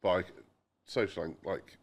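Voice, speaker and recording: Here the young man's voice sits low, with a steady tone and an unhurried delivery. As co-host of a laid-back podcast, he swaps chatty anecdotes, imitates the people he quotes, and lets in some mild swearing.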